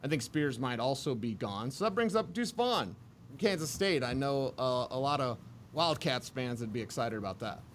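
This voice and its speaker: A man's voice: mid-range voice, animated, normal speed. An upbeat man hosting a sports radio talk show, giving confident takes on football players. His voice sits in an ordinary mid range. A faint noise runs under the recording.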